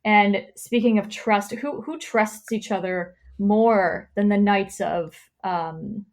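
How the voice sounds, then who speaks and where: A woman's voice: mid-range voice, slow pace. Woman, comedy podcast host: loose, profane, laughing storyteller. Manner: chatty, profane, laughs often, rambling. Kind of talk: casual comedic chat and reading aloud.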